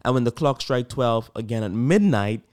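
A man's voice: mid-range voice, expressive, moderate pace, darkish tone. A young man hosting his own podcast, talking to listeners in an upbeat, chatty and rambling way. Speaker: podcast host. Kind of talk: casual solo podcast chat.

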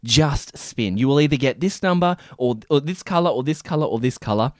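A young man tells stories on a podcast in a lively, swooping voice, jumping into other people's voices as he goes. The sound is dry and close to the mic. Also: fairly high pitch, fast talker, dry recording. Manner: animated storytelling, acting out people. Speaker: podcast co-host. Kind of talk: casual chat.

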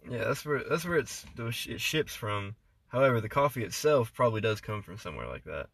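A man co-hosting a casual podcast, swearing freely and getting loud while he tells stories. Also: medium pitch, sing-song, brisk, creaky. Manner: loud swearing storyteller, puts on voices for jokes. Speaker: podcast co-host.

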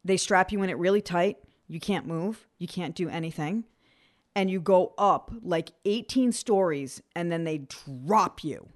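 Animated woman telling a story in her forties. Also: on the low side, measured pace. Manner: animated storyteller, acts out quoted voices. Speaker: podcast co-host. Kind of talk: casual chat.

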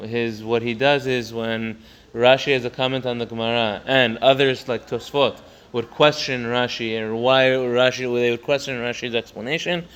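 A Torah teacher leads a text study lesson, working through a religious text line by line, often stopping to restart a phrase. His voice is clear and resonant with a fairly bright tone, and he rises in pitch and volume to stress key points.

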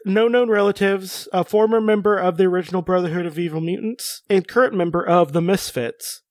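High-voiced man, joking podcast co-host. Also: steady tone, brisk, no room sound, studio quality. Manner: joking, reads out a character profile with asides. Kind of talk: casual chat.

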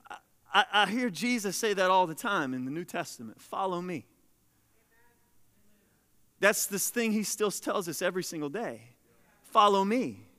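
A man preaching a sermon as pastor, shifting between hushed lines and loud, emphatic ones. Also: high voice, a little fast, big-room sound. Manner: animated preaching, swings between soft and loud.

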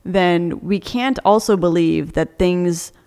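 A woman's voice: lowish voice, slow, mellow, clear, resonant tone. Woman debating in a reverberant room. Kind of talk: casual debate chat.

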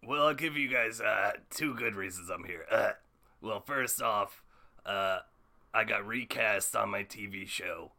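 A man doing a gravelly, rambling mad scientist. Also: lowish voice, measured pace, sharp tone, heavily acted. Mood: offhand. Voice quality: gravelly, rambling with filler stammers. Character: cranky old male mad scientist. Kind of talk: comedic impression.

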